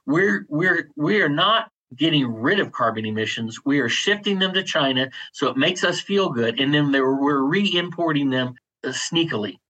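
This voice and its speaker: Give me a man with a husky, bright voice, calmly explaining as a guest on a podcast. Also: fairly high pitch, poor audio. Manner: measured, explanatory, with frequent fillers. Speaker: podcast guest, energy executive. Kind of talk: conversational interview.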